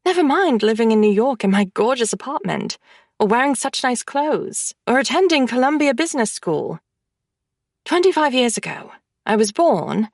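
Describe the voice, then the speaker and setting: A woman's voice: on the high side, no echo, clean studio sound. A woman reading a first-person audiobook, with a wry, blunt manner. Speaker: audiobook narrator. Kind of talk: scripted first-person narration.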